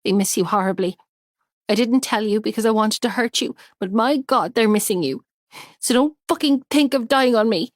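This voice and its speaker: A woman voicing a frantic wife who pleads with and shouts at an unconscious man. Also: fairly high pitch, moderate pace, no echo, clean studio sound, lightly acted. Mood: shaken. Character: frantic woman finding her hurt husband.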